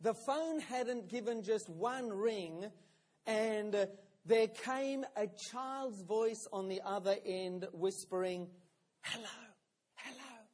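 High-voiced preacher. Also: male voice, slow, a little mellow. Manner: friendly storytelling with hesitant fillers and restarts. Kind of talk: sermon.

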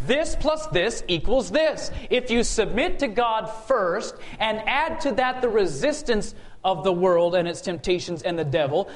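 High-voiced man preaching a sermon. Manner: call-and-response preaching, rhetorical questions. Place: church sanctuary.

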